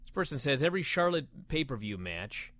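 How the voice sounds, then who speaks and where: A man co-hosting a casual wrestling talk show, reading listener comments aloud in an animated, mock-outraged way. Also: medium pitch, a little fast, dry recording.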